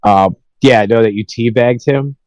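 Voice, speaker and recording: A man's voice: mid-range voice, unhurried, a little mellow, dry recording, dull audio. A man hosting a podcast, telling rambling, profane stories about his pranks in a casual chat. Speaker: podcast host.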